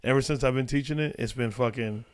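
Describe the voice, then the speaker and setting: A man with a smooth, resonant voice tells stories on a podcast in a loose, rambling way. He restarts his sentences, piles on fillers and drops into quoted dialogue. The feel is relaxed and conversational. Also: mid-range voice, fast. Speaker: comedian guest. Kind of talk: casual podcast storytelling.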